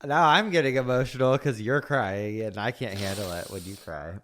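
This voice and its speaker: A man's voice: fairly low pitch, moderate pace, a bit bright, a little hiss or hum. A man co-hosting a casual podcast, teasing his co-host and reading a listener's post aloud. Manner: playful teasing, laughs often.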